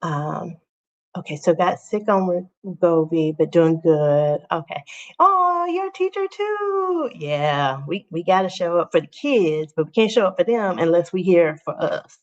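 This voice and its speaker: A chatty woman talking casually to viewers on her own livestream, often saying things twice for emphasis. Her voice sits on the lower side, and the audio is a bit dull and lo-fi. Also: a little slow, darkish tone. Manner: chatty, repeats phrases for emphasis. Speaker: teacher and livestream host.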